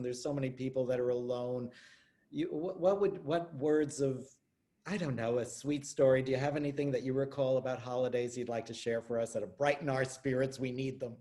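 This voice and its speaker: A man's voice: medium pitch, mellow. A man hosting an online talk show over a video call, earnest and effusive with his thanks. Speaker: show host.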